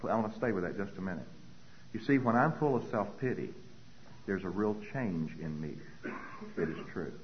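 A man's voice: sits low, expressive, moderate pace, long pauses, muffled recording, slight background noise. A middle-aged man giving a personal recovery talk, earnest and repeating key phrases for weight. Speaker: recovery meeting speaker.

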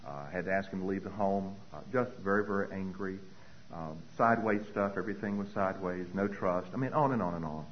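A man's voice: deep voice, brisk, dull audio, a little hiss or hum. Earnest middle-aged man sharing his recovery. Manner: earnest storyteller, repeats key phrases. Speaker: recovery meeting speaker. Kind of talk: personal recovery talk.

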